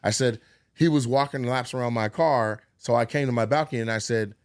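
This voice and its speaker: A man's voice: medium pitch, a little fast, no room sound, studio quality. Profane storytelling podcast man. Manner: animated, acts out quotes, profane. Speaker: podcast co-host. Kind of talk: casual storytelling chat.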